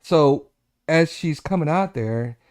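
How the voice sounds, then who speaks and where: A man in his forties hosting a casual chat show, telling a long personal story with self-corrections and animated asides. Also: a little high, takes it slowly, clear, resonant tone, no room sound, studio quality. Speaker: podcast host.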